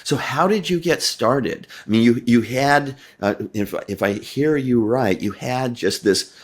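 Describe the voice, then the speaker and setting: An older man hosts a relaxed podcast interview, asking long questions that wander and restart. His voice sits at an ordinary middle pitch, and he fills the gaps with plenty of fillers. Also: measured pace. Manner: rambling questions with many fillers. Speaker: podcast host. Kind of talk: casual interview.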